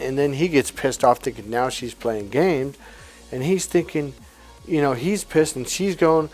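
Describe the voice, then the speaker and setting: Slangy male coach acting out quick dialogues. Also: mid-range voice, expressive, darkish tone, faint music behind. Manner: loose, slangy, acts out little dialogues in quotes. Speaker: relationship coach. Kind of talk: casual monologue to camera.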